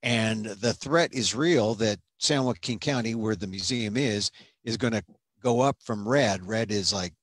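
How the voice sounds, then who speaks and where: A man's voice: fairly low pitch, unhurried, no echo. A man hosting a casual livestream as a museum director, chatty and rambling, with many fillers and restarts. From United States.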